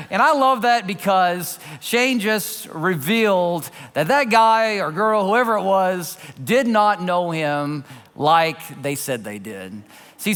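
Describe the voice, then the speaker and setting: A male pastor preaching a sermon in an animated, conversational storytelling manner. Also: high-pitched. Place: church sanctuary. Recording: reverberant church hall.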